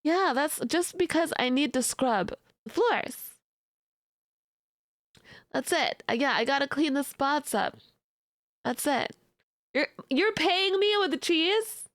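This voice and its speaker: Young woman streamer, high and unhurried, giggly and teasing, dry close sound. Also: expressive, fairly bright tone, dry recording. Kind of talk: casual live-stream chat.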